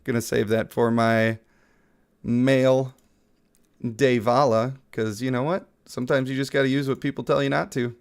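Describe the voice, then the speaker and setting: A man's voice: medium pitch, fairly even intonation, moderate pace, smooth. A man who is sick, giving casual, playful live-stream commentary on a mobile game and chatting with viewers.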